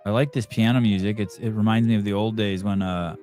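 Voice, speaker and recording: A man's voice: lowish voice, steady tone, fast, a little mellow, soft background music. A man hosting a podcast, chatting casually and joking as he reacts to a sports broadcast. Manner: joking, profane, wondering aloud. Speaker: podcast host. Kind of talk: casual chat watching a broadcast.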